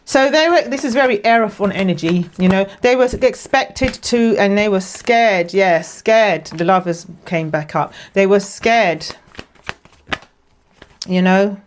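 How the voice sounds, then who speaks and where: A woman's voice: medium pitch, slight background noise. Chatty lady doing a tarot reading, lots of ums and restarts, gets emotional. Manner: chatty and rambling, with many fillers and restarts; emotional and quick to laugh. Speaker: tarot card reader. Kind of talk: casual tarot reading to camera.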